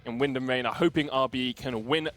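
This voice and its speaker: A young man hosts a live esports desk show, and his talk races along at a brisk clip. He is chatty and joking and keeps handing questions to his co-casters. Faint music plays underneath. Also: medium pitch, a bit bright. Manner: quick, chatty, jokey, throws questions to co-hosts. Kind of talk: casual analysis chat on a live esports stream.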